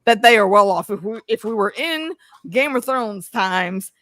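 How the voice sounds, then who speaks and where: A woman hosting a casual show discussion, talking in an animated, salty way and acting out lines. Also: medium pitch, unhurried, no room sound. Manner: animated, profane, acts out quotes. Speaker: podcast host.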